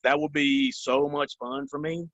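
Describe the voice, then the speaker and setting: A man's voice: medium pitch, steady tone, unhurried, vocal fry, fairly bright tone, no echo, highs cut off. A man in his forties, a company vice president, giving earnest interview answers, repeating phrases and often saying "man" and "you know".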